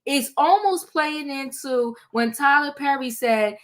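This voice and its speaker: A woman's voice: sits high, a little slow, a bit bright. A woman hosting a live reality TV recap, emphatic and opinionated, calling on her co-hosts. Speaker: livestream host.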